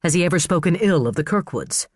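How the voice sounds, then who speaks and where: A man voicing a calm, persistent male defense lawyer who questions in a measured, prodding way. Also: fairly high pitch, breathy edge, no echo, clean studio sound. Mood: coaxing.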